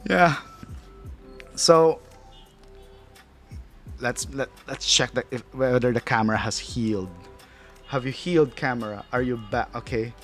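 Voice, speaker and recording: A man's voice: mid-range voice, a little slow, pauses often, a bit bright, faint music behind. A man from the Philippines, hosting a casual livestream, chatting loosely, reading chat aloud and laughing often. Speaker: livestream host.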